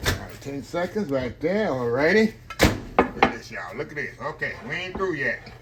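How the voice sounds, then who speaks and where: A man's voice: medium pitch, very animated, moderate pace, heavy background noise. A middle-aged man, chatting folksily to his viewers as he cooks at home. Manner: folksy, chatty, talks straight to viewers as y'all. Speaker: cooking vlogger. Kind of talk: casual cooking vlog. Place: home kitchen.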